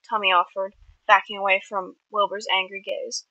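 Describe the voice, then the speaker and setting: Bright-voiced woman reading her fiction. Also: mid-range voice, level tone, moderate pace, no echo, poor audio. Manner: earnest reading with small slips and restarts. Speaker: amateur writer. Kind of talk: reading own fiction aloud.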